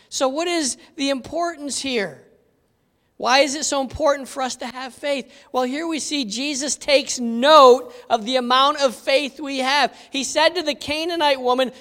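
Recorded with long hall reverb, a Bible teacher tells stories with animation and quizzes the audience in an interactive lesson. The voice is high and a bit bright, at a measured pace.

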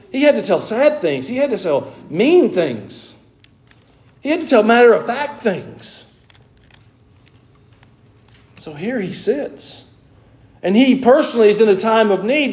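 A man with a Southern US accent, a pastor preaching a sermon to his congregation in church, reading scripture in a slow, measured cadence and then preaching with folksy humor. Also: sits high, a little mellow. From American South.

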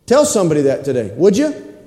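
A man with a fairly high, dark voice talks fast and swings his pitch hugely as he preaches as pastor in a church sanctuary. He repeats points and calls for congregational responses, and the hall's long reverb gives the sound a roomy echo.

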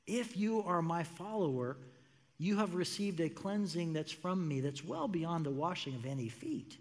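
High-voiced pastor preaching in a reverberant hall. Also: male voice. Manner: animated, acts out quoted voices with rising pitch. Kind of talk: sermon. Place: church sanctuary.

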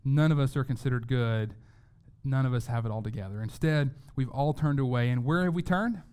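Male pastor, sermon delivery, smooth resonant voice, earnest, repeats words for emphasis. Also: medium pitch, fairly quick, darkish tone. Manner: earnest, repeats words when stressing a point.

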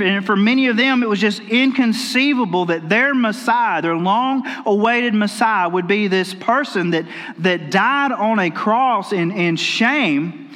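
A man's voice: high voice, fairly bright tone, in a large hall. A male pastor preaching a sermon, telling stories in a folksy way and often restarting his sentences. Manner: folksy storytelling with repeated restarts. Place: church sanctuary.

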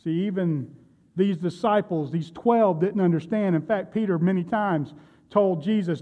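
A man's voice: high voice, lively intonation, normal speed, narrow, tinny audio. A man preaching a sermon, retelling Bible stories and speaking directly to his congregation. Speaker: pastor.

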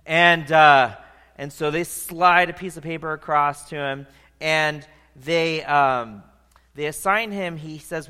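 A man preaching a sermon, telling a story in an animated, conversational way. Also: fairly high pitch, measured pace, clear, resonant tone. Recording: long reverb of a large hall.

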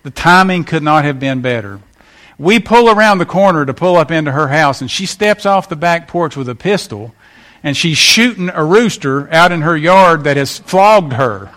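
A man preaches in a folksy, storytelling way. His voice sits a little higher than most men's. He breaks into lively acted-out quotes as he goes. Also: moderate pace. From West Virginia. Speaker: pastor. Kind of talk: sermon.

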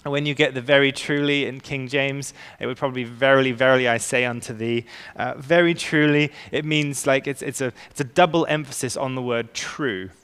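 Man, pastor, sermon, earnest, emphatic, stretches key words, medium pitch, long reverb in a big hall. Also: fairly even intonation, a little fast, few pauses, fairly bright tone, smooth.

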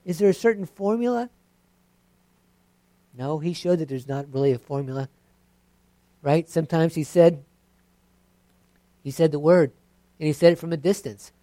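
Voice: mid-range voice, moderate pace, long pauses, mellow, no room sound. A preacher giving a sermon in a conversational, self-deprecating way.

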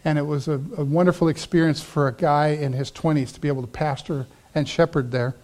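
A man's voice: on the high side, fairly even intonation, brisk, a little mellow. A middle-aged male pastor from the United States preaching a sermon, telling stories and playing up the voices of the people he quotes.

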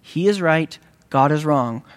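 A man preaching a sermon, earnest, with dramatic rises and slow, emphatic repetitions. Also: a little high, animated, clear, resonant tone. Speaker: pastor.

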